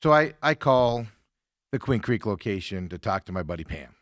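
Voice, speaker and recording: A man's voice: lowish voice, normal speed, dry recording, clean studio sound. A male talk show host in casual conversation, telling a story and acting out other people's lines as he goes. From Arizona, US. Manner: animated, acts out other people's lines in quotes.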